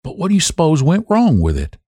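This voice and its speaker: A man's voice: on the high side, wildly swooping pitch, fairly quick, dark tone, breathy edge, no room sound, voice pushed up, full character voice. A man voicing a plain-spoken rural farm wife with homespun, folksy speech, his voice raised well above his own. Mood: wistful.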